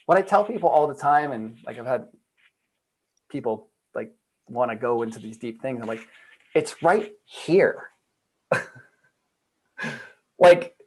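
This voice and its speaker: A man, a guest on a video call, telling a personal story in a lively, casual way full of "like" and acted-out quotes. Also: medium pitch, rough recording. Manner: animated storyteller, acts out quoted voices, many "like" fillers. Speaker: guest, trauma and addiction coach. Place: home room at a computer.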